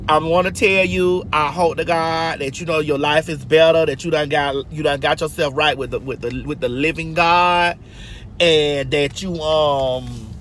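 A woman's voice: sits low, slight background noise. A woman telling stories in a casual vlog from a moving car, brassy and profane, calling her listeners girl and honey. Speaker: vlogger.

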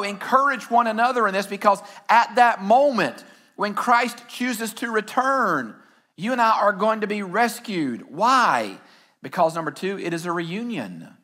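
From a church stage, a male pastor delivers a sermon in a high, bright and forceful voice. He blends scripture reading with excited, shouted storytelling.

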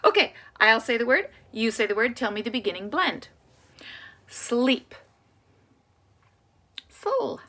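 A woman teaching a phonics lesson to young children, encouraging them and sounding out words slowly and clearly. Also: on the high side, lively intonation, bright, forceful tone.

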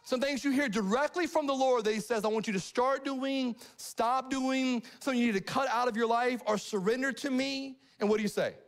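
Middle-aged male pastor with a high-pitched voice, preaching live with animated call-and-response energy. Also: brisk, hardly any pauses. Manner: animated, asks the congregation questions. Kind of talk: live sermon. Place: church sanctuary.

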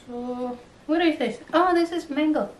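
A woman's voice: sits high, measured pace. A young woman with a Nepali accent, chatting casually in a food-tasting vlog and switching between English and Nepali. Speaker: vlogger. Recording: roomy, distant mic, faint noise.

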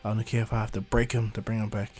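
Man doing a cold, stubborn teen ninja boy, clipped and quieter. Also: on the low side, flat delivery, racing, soft background music, close to an everyday voice. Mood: determined.

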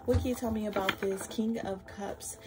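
An excitable woman reads tarot cards for her followers in an easy, chatty flow, often swearing and saying y'all. She sits at a middle pitch, and clear music plays under her voice throughout. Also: normal speed. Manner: effusive, swears freely, addresses viewers as y'all. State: flustered and emotional. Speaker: tarot reader. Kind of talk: casual tarot reading vlog.

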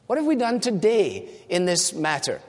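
A man's voice: high-pitched, wildly swooping pitch, moderate pace, in a large hall. A man preaching a sermon as a pastor, earnest and direct, asking and answering rhetorical questions.

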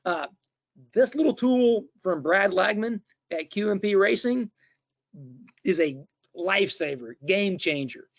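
A man's voice: sits high, expressive, a little slow, dry recording. Casual man demonstrating a shop tool. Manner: casual, chatty, with frequent fillers and restarts. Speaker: webinar presenter. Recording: dull, dry, lo-fi webinar audio.

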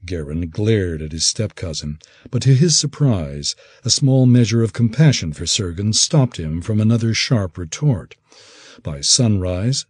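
An audiobook narrator reads scripted narration in a husky, low, slightly mellow male voice. The recording is dry and of studio quality.

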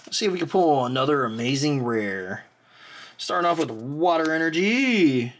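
A host excitedly opening trading card packs on camera, chatting casually, often exclaiming and apologizing, and drifting into rambling asides. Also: medium pitch, moderate pace, a little hiss or hum. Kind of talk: casual pack-opening commentary.

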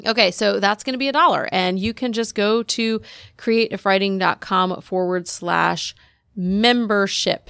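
A woman's voice: on the low side, vocal fry, fairly bright tone, no room sound, studio quality. A woman hosting her own solo podcast, chatting in an upbeat way straight to her listeners. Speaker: podcast host.

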